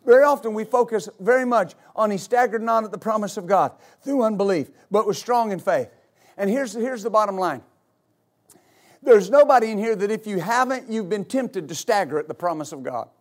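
A male pastor preaching a sermon, rising into repeated, shouted exhortations to his congregation. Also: high-pitched, animated, brisk. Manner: builds to shouted, repetitive exhortation.

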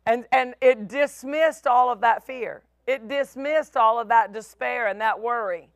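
A middle-aged woman pastor preaching a sermon, with emphatic, drawn-out phrases and voices for the people in her stories. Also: a little high, no room sound, clean studio sound.

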